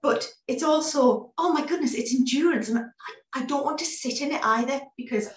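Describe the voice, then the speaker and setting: A woman in her forties, a guest in a casual interview chat, telling her story in an animated way with many restarts, heard over a video call. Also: high-pitched, fairly quick, reverberant, recorded from a distance. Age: 40s.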